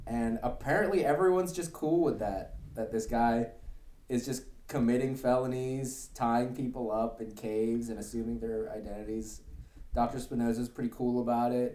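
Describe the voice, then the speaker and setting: In a casual podcast chat, this man co-hosts and rambles through a cartoon episode recap, full of fillers and jokey tangents. He has a mid-range, dark-toned voice with a roomy sound.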